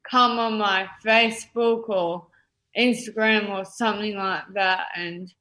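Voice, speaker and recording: A young woman with an Australian accent chatting as an interview guest. She talks slowly and cheerfully in short, simple phrases, with pauses as she finds her words. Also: mid-range voice, pushed and bright, rough recording. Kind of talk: casual interview chat.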